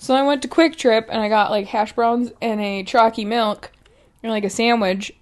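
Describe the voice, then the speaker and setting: Casting: woman podcast co-host, higher voice, loose, profane storyteller who laughs a lot. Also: moderate pace. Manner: swears freely, laughs often, animated storyteller. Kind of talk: casual chat, storytelling.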